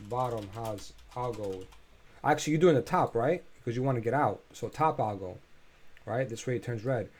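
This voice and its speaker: In a mellow mid-range voice, a tired, yawning man chats loosely through crypto price charts on a screen share, thinking out loud with plenty of filler sounds.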